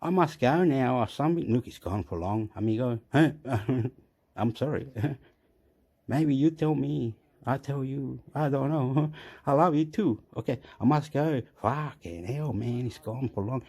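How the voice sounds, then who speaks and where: A man from Chile, ranting in a rambling, excitable way as a vlogger who swears and laughs often, recorded on a phone. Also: medium pitch, unhurried. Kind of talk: casual rambling rant.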